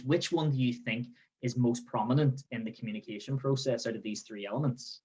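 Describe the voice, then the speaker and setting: A man's voice: mid-range voice, poor audio. Man presenting an upbeat training webinar. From Northern Ireland. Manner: explanatory, repeats "okay?" as a check-in. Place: outdoors in the sun.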